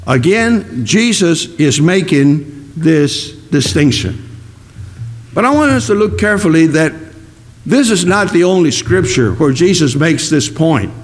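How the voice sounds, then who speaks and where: A man preaching a sermon, slow and emphatic, repeating key words for weight. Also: fairly high pitch, lively intonation. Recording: long reverb of a hall.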